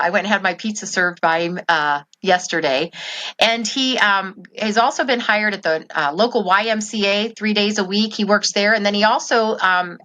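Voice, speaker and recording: A woman's voice: mid-range voice, sharp tone. A middle-aged woman telling her story as an interview guest, earnest and heartfelt, with frequent ums. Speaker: guest, parent advocate.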